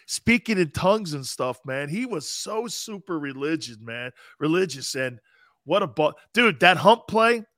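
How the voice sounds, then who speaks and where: A man's voice: a little high, animated, a little slow, fairly bright tone, no room sound. A middle-aged man and former pro player hosting a casual sports talk show, asking questions and adding asides. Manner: conversational, asks questions, adds asides. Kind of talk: casual sports radio chat.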